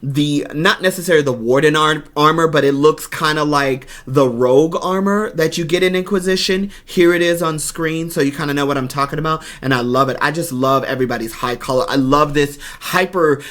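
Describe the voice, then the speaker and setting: A man giving an excited, gushing reaction commentary on a game trailer as a YouTuber. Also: a little high, brisk, hardly any pauses. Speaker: gaming YouTuber.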